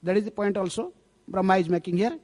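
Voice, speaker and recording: Speaking fast in a high-pitched, slightly mellow voice, a swami lectures on scripture through stories. He's conversational, checking in often with a rhetorical "eh?", and the temple hall adds long reverb.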